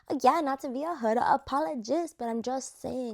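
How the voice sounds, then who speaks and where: Chatty young woman vlogging, slightly high voice. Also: big pitch swings, fairly quick, hardly any pauses. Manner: chatty, filler-heavy slangy talk. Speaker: vlogger ranking reality show cast. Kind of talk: casual chat to camera.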